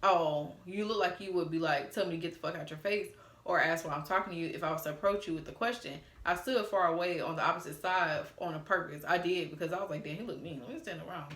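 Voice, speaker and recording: A young woman chatting through a storytime, candid and quick to curse as she reads old text messages aloud. Her voice sits a little low, and the room around her rings with echo. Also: fairly bright tone. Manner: candid, cussing, chatty with asides to viewers. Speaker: storytime vlogger. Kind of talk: casual storytelling, reading out texts.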